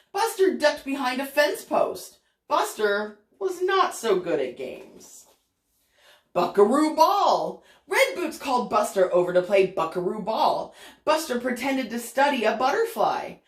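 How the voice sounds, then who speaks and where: A woman reading a picture book aloud to children, animated and stopping often to ask her young listeners questions. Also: fairly high pitch. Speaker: children's storyteller. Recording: echoey room.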